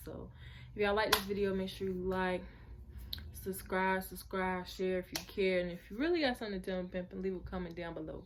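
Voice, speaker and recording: A woman's voice: mid-range voice, fairly even intonation, fairly quick, a little hiss or hum. A woman in her twenties telling her personal story in a vlog, chatty and earnest, talking straight to her viewers. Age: 20s. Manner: chatty, addresses viewers as y'all. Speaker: vlogger.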